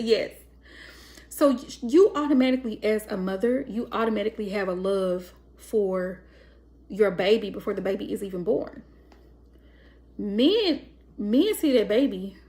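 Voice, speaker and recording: A woman's voice: mid-range voice, a little mellow. A woman giving a casual spoken tarot reading, talking emphatically and acting out bits of dialogue. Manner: emphatic, acts out quoted dialogue. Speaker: tarot reader.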